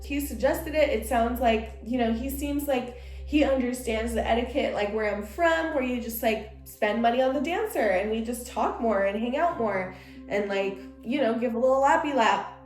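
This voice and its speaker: A young woman with a slightly high voice tells a story in a loose, chatty way, full of "like" and heated asides. Her voice rings in an echoey room. Faint music plays underneath. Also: moderate pace, darkish tone. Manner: chatty, heated retelling with lots of "like". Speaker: vlog host and former dancer. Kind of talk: casual storytime during a stretch flow.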